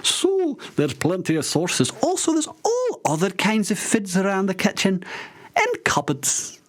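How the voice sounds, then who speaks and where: A woman's voice: medium pitch, sing-song, unhurried. A woman hosting a comedic radio show in a playful, mock-stern way. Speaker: host.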